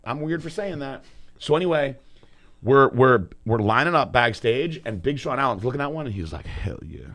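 Male podcast co-host, casual storyteller, crude and lively. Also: medium pitch, brisk. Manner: loose, profane, animated storytelling.

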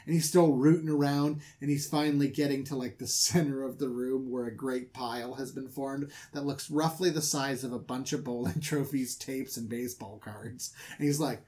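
A man's voice: mid-range voice, moderate pace, few pauses. Playful man retelling a story for laughs. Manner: animated, slips into silly character voices. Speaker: podcast host retelling a Bible story. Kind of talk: comedic storytelling chat.

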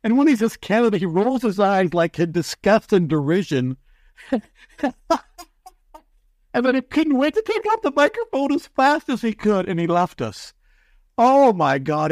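Animated man telling broadcast stories. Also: high voice, no echo, studio quality. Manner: animated, excitable storyteller. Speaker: sports broadcaster guest. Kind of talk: storytelling in a podcast interview.

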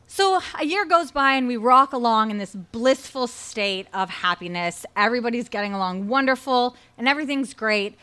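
Young woman storyteller, raised pitch, wry and animated comic delivery. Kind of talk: live personal storytelling.

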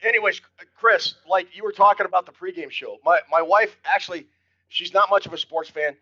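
A man's voice: high voice, a little fast, pushed and bright, slightly rough. An older man co-hosting a casual sports talk show, jovial and chatty, often repeating his first words as he starts a thought. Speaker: podcast co-host. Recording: dull lo-fi audio.

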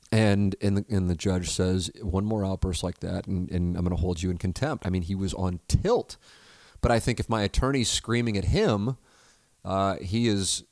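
A man hosting a podcast, telling a story in casual talk, often trailing off into a low mutter and then getting loud and excited. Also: vocal fry, no room sound, studio quality. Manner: storytelling, gets loud and excited when fired up; frequent fillers and restarts, drops to a low mutter. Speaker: podcast host. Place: home studio.

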